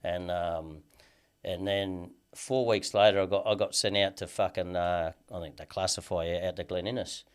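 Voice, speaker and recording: A man's voice: sits low, fairly even intonation, normal speed, clean tone. A man in his thirties with an Australian accent, telling a long story as an interview guest in a rambling, sweary way, full of "you know what I mean".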